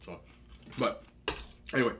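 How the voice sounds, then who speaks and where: A man's voice: a little slow, background noise. A man in his thirties chatting casually at home, rambling through stories as he eats. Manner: chatty, rambling, animated when telling stories. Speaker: mukbang host. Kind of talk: casual storytelling while eating. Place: indoors at home.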